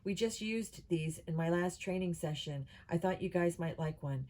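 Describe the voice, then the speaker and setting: A woman reads an eager young male trainee agent, friendly and helpful as he explains his gear. The voice is mellow, sitting slightly low. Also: moderate pace, lightly acted.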